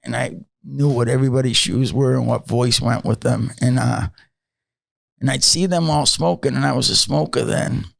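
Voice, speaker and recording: A man's voice: mid-range voice, moderate pace, gravelly, dry recording. A man in his fifties, a podcast guest, telling his story in a rambling, casual way with many fillers and blunt swearing.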